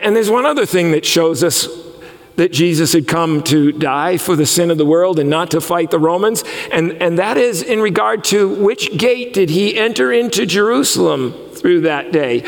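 Male preacher, high gravelly voice, impassioned delivery, long hall reverb. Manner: impassioned preaching, voice rising and falling widely. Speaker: pastor. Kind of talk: sermon.

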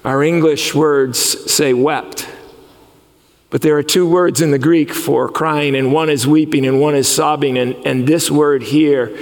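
High gravelly-voiced man preaching in a hall. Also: fairly even intonation, measured pace. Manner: impassioned preaching, voice rising and falling widely. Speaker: pastor. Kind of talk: sermon.

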